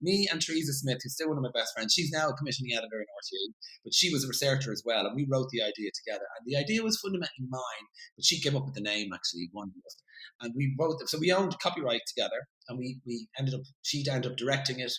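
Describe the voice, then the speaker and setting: Bright fast-talking Irish man. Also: medium pitch, low-quality recording. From Ireland. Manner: animated, swears freely, acts out quoted voices. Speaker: interview guest, TV presenter. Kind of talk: casual storytelling interview.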